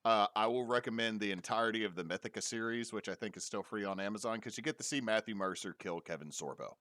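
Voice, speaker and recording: A young adult man with a lowish voice talks over a dry call mic from home. He recommends films with eager, joking enthusiasm, and his delivery stays loose and casual. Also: fast, sharp tone, no echo. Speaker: podcast co-host. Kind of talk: casual chat. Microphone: remote call mic.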